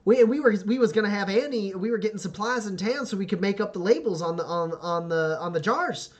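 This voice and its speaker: A man voicing an eager young frontier son who stumbles over his words in a rapid, excited drawl. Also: high voice, voice pushed up.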